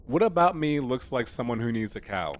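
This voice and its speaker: A man's voice: mid-range voice, sing-song, a little fast. A man streaming a video game, chatting casually and joking in a rambling, playful way. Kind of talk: casual let's-play commentary.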